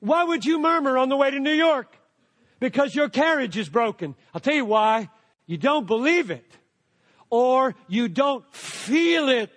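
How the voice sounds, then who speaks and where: An older man preaching a sermon as a pastor, emphatic, swinging from loud declarations to quiet asides. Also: very high-pitched, big-room sound.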